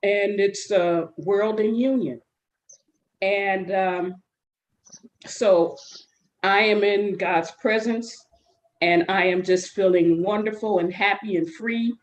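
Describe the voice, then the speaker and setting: A woman on a group call sharing a spiritual testimony in an earnest way, with long pauses between her thoughts. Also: mid-range voice, highs cut off, a little hiss or hum. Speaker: group member. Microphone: video call.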